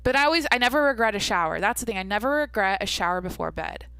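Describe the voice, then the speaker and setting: A woman's voice: medium pitch, expressive, fast, creaky, a bit bright, smooth, no echo. A young adult woman hosting a casual solo podcast, rambling and swearing casually as she talks to herself. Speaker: podcast host.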